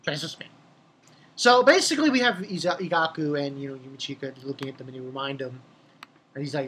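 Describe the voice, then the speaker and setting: A young man casually reviewing a comic chapter, rambling and excitable, swearing freely and laughing at his own jokes. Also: sits high, brisk, husky. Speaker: manga reviewer.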